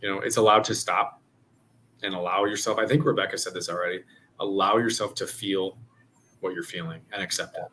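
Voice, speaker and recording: A man's voice: deep voice, fairly even intonation, fairly quick, sharp tone. A man co-hosting a podcast in casual chat, earnest and encouraging, often restarting his phrases. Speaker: podcast co-host.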